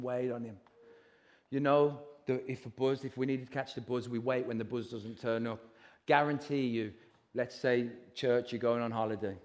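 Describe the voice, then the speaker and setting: A man preaching a sermon with passion, his voice climbing toward shouts at its peaks. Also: mid-range voice. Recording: hall reverb.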